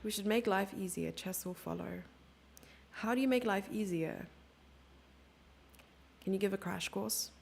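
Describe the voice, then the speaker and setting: Chatty woman streaming chess commentary, gravelly. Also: medium pitch, unhurried, pauses often, a little hiss or hum. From Germany. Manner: chatty, self-mocking, thinking aloud over moves. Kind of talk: casual live-stream commentary.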